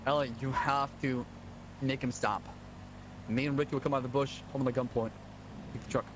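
A man's voice: medium pitch, fairly even intonation, fairly quick, noisy background. A man in a game role-play, laying out a plan in brief lines.

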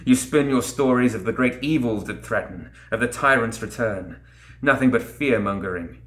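A man with a medium-pitched voice, speaking at normal speed and lightly acting, plays a towering, cruel, winged demon queen. He gives her a taunting, hissing menace. The recording has a roomy echo.

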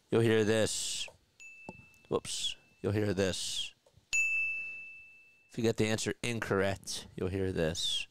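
A man hosting a casual live-stream play-by-play of a baseball game, chatting with his viewers between pitches. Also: smooth. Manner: chatty, talks to his chat audience.

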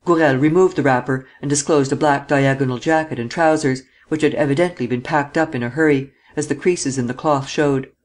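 A man narrating an audiobook of a detective novel in a measured storytelling manner. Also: medium pitch. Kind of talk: scripted narration.

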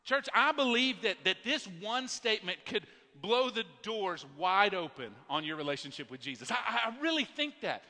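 A man's voice: high voice, very animated, normal speed, hardly any pauses, pushed and bright. Male pastor. Emphatic sermon delivery in a reverberant worship hall. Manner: earnest, emphatic preaching with repeated restarts. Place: large church worship center.

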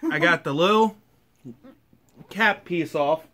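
A man's voice: fairly high pitch, slow pace, pushed and bright. A man casually chatting on camera at home while he eats spicy food, with hiccups between his lines. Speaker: vlogger eating hot sauce.

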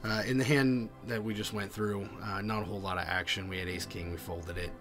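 Man, low voice, poker vlog voice-over, halting with fillers, faint background music. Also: fairly even intonation, fairly bright tone. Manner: halting, many fillers and restarts. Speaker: poker vlogger. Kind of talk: voice-over commentary on poker hands.

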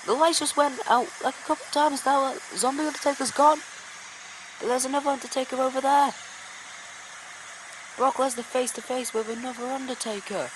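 A woman giving excitable play-by-play wrestling commentary, bursting into exclamations. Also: a little high, a little hiss or hum, low-quality recording. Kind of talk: play-by-play wrestling commentary over a video game.

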